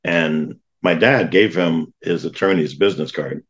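Guy with a real deep voice telling a story on a podcast, acts out the quotes, kinda dull lo-fi sound. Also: a little slow. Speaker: podcast guest. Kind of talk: telling a personal story in an interview.

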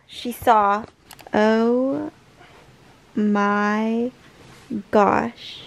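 A woman's voice: on the high side, big pitch swings, extremely slow, long pauses, poor audio. A young woman reacting to a TV finale, gasping and gushing over each scene. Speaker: reaction vlogger. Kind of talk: emotional TV reaction commentary.

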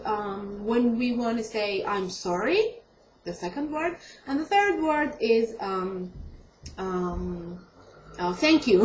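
A woman giving a casual online language lesson, hesitating often with ums and self-corrections and repeating each word slowly for her students. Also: mid-range voice. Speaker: language teacher. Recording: echoey room with faint ambient noise.

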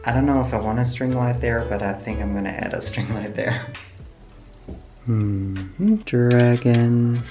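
A woman's voice: very deep voice, steady tone, measured pace. A playful young woman giving a casual, giggly tour of her small bedroom. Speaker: vlogger. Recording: echoey room with music.

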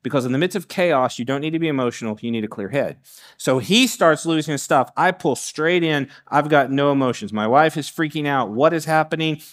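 A middle-aged man giving a sermon as guest preacher, animated, with frequent restarts and acted-out asides. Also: on the high side, brisk. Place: church sanctuary.

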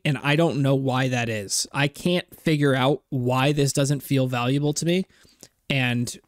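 A man's voice: mid-range voice, no echo, clean studio sound. Candid young man, reflective and rambling. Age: 20s. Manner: reflective and rambling, with fillers and soft laughs. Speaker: content creator. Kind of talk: candid personal vlog talk.

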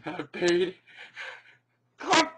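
A man's voice: high voice, sing-song, extremely slow, heavy background noise, exaggerated voice. An actor playing a tearful young male gamer who rants and curses while crying. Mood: furious. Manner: sobbing rant full of cursing.

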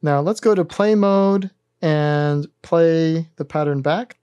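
A man hosting a synthesizer tutorial, calmly talking through each button press in a methodical step-by-step demonstration. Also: on the high side, slow pace, highs cut off, over loud music.

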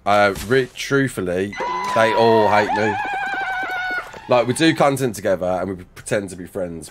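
Chatty Black Country streamer, lively pitch. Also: male voice, slight background noise. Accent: Black Country English. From Black Country, England. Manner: chatty and self-mocking, thanks donors with mate and son. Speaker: livestreaming game builder. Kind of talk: casual livestream chat reading donations and chat.

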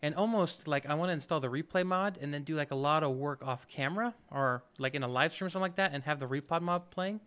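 A man hosting a let's play, talking through his moves in an upbeat, chatty way and thinking aloud. His voice sits a little high and is smooth and clear. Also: fast, hardly any pauses, fairly bright tone. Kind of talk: casual gameplay commentary.

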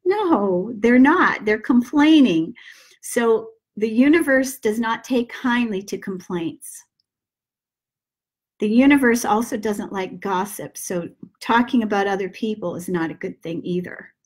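A middle-aged woman giving a gentle self-help talk, slowly guiding breaths and repeating calming mantras. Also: mid-range voice. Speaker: manifesting teacher.

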